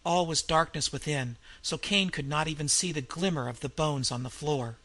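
Male storyteller for a pulp adventure; bright, slightly high voice, vivid delivery. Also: normal speed. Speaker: narrator. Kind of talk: dramatic story reading.

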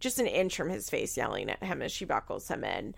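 A woman's voice: rumbling low, big pitch swings, a little fast, creaky. A young woman giving frank, casual commentary on a reality show, swearing freely and filling her talk with "like". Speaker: reality TV recap host.

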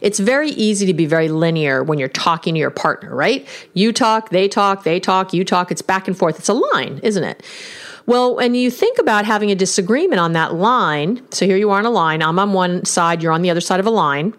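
A woman's voice: medium pitch, expressive, fairly quick. A woman giving relationship advice on a podcast, talking emphatically and acting out sample phrases. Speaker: relationship coach. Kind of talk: solo podcast advice talk.

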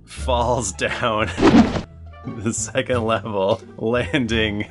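A man's voice: fairly low pitch, fairly even intonation, extremely slow, loud music behind the voice. A man narrating as game master of a tabletop game, with playful, dramatic storytelling.

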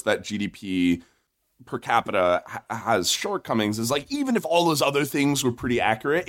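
Man, casual economics explainer, lively expressive pitch, animated storyteller. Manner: animated storyteller, voices characters in jokes.

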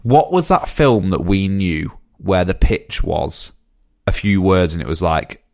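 Low-pitched male podcast co-host, dry wit. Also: unhurried, creaky, a little mellow, no room sound. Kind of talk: casual chat, reading a film synopsis.

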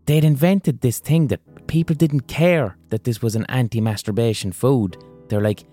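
A man hosting a podcast, delivering a comedic monologue with profane, animated ranting. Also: medium pitch, moderate pace, few pauses, faint music behind. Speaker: podcast host.

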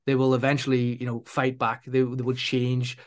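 A man who works as a sport psychology trainer and therapist, explaining his methods in a calm, deliberate way and reflecting the other person's words back to him. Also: mid-range voice. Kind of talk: measured explanatory interview talk.

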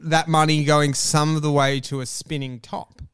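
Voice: mid-range voice, level tone, normal speed, clean tone, no echo, studio quality. A comedy podcast co-host chatting casually and teasing the other host with mock-therapist questions.

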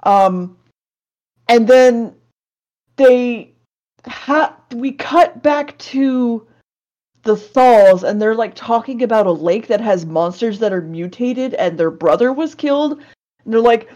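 A woman's voice: a little high, lively intonation, slow pace, mellow, lo-fi sound. A woman co-hosting a podcast, recapping an old television episode in a casual, sarcastic way, swearing and laughing often.

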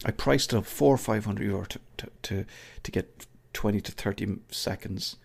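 A middle-aged Irish podcast host with a low, gravelly, slightly husky voice. He rambles through his sign-off in a casual, swearing, joking way. His asides go to an imagined coworker. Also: normal speed. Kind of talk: casual solo podcast outro.

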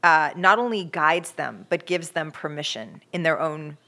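A woman's voice: low voice, expressive, unhurried, bright, forceful tone. A woman co-hosting a parenting podcast, explaining her views in a thoughtful casual chat. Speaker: podcast co-host, parenting expert.

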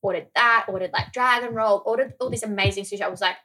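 A woman from Australia chatting casually as a podcast co-host, telling stories in an animated way, swearing freely and acting out what people said. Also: medium pitch, fast talker, noisy background. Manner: animated, swears freely, acts out quoted dialogue. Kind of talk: casual chat, storytelling.

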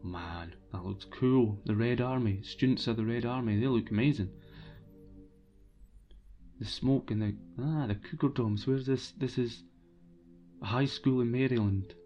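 Male streamer, opinionated casual rant, relaxed dark tone, dull recording. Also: mid-range voice, a little slow, pauses often, faint music behind. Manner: opinionated and blunt, with frequent restarts. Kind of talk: casual ranting monologue.

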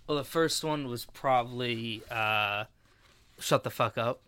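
Wry, bright-voiced man guest. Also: medium pitch, takes it slowly. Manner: joking, wry asides. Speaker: podcast guest, filmmaker. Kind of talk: casual podcast chat.

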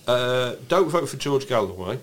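A man co-hosting a casual political podcast, telling stories with incredulous, animated delivery and frequent laughter. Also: medium pitch, moderate pace. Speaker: podcast co-host.

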